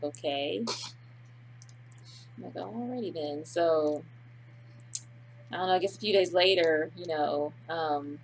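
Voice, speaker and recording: Female co-host, casual rambling storyteller, lowish voice. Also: slight background noise. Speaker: host's wife, co-host.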